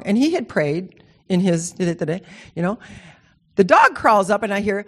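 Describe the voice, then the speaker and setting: Woman, rambling personal story, lively pitch swings, emotional, casual. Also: unhurried. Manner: animated, emotional, rambling with restarts. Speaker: speaker sharing a personal story.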